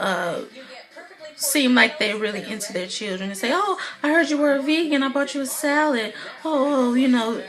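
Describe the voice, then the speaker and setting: A woman's voice: medium pitch, a bit bright, rough recording. A woman giving a casual, opinionated recap of a TV episode, chatty and full of fillers. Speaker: video blogger.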